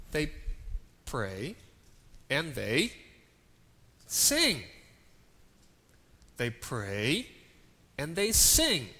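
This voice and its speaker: A man's voice: medium pitch, sharp tone. A man preaching a sermon, dramatic and full of rhetorical questions to the congregation. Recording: long reverb of a large hall.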